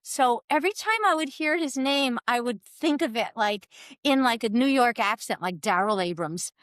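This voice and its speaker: A woman in her sixties from the US East Coast, telling animated stories as a guest in a casual chat and laughing often. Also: high-pitched, moderate pace, no echo, studio quality.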